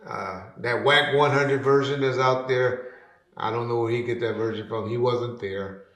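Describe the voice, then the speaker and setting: A man telling a story in casual talk, animated, who acts out the people he quotes with sudden loud, high bursts. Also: moderate pace. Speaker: podcast guest telling a story. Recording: roomy echo.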